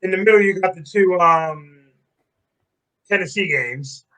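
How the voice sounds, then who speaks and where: Bright-voiced man listing teams and trades. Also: high voice, a little slow, rough recording. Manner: steady, lists teams and trades one by one. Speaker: sports podcast co-host. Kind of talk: casual sports talk.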